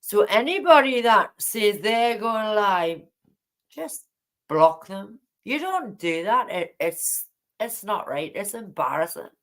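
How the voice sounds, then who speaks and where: A woman speaks in a slow, drawn-out way while hosting a casual livestream from home late at night. She rambles and sounds indignant, breaking off to greet viewers in her chat. Her pitch sits in an ordinary middle range. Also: sing-song. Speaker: livestream host.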